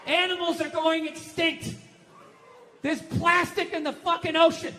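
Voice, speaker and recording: A man doing a stand-up comedy set, profane and ranting, often yelling his punchlines. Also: very high-pitched, little pitch movement, unhurried, a little hiss or hum. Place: stage before a live audience.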